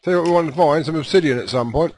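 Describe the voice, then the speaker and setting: A man's voice: on the high side, rapid-fire, background noise. A man giving casual, chatty commentary while he plays a game, teasing the monsters as he goes. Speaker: let's play host.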